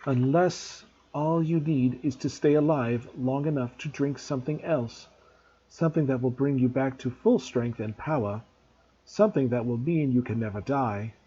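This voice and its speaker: A man voicing a calm, grave young male centaur in a measured, solemn way, on a dull lo-fi recording. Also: medium pitch, slightly rough, natural voice.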